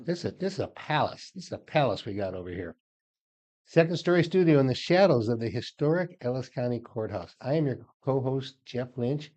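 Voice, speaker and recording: A man's voice: medium pitch, expressive, brisk, darkish tone. An older man, co-hosting a local talk show in a folksy, storytelling manner. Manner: folksy, storytelling, repeats words. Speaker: co-host.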